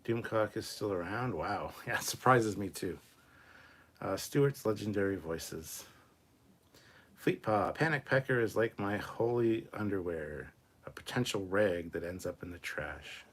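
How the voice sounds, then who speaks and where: A man's voice: lowish voice, lively intonation, a little slow, breathy edge. A man hosting a casual livestream, reading viewer comments aloud and answering them in a rambling, profane, self-mocking way. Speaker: livestream host reading chat.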